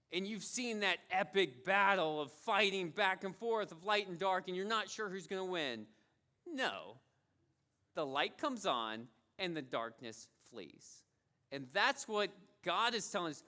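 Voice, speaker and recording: High bright-voiced male pastor preaching. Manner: conversational storytelling, repeats key phrases. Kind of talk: sermon.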